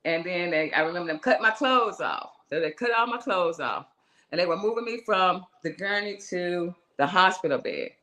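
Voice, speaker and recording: A woman's voice: fairly low pitch, normal speed. Middle-aged woman telling a story animatedly. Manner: animated, acts out the voices in her story; loose, conversational, restarts and asides. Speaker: guest musician. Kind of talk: personal storytelling in an interview.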